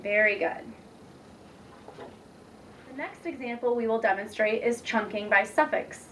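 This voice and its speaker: A young woman teacher demonstrating a reading lesson, patient and encouraging, speaking slowly and clearly. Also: on the high side, a bit bright. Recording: distant mic with faint background noise.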